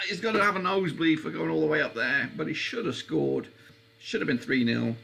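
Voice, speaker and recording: Hosting a live football watchalong stream, an English man chats casually and quickly, his voice breathy with vocal fry. He gets excitable, jumping up high in pitch each time a chance appears.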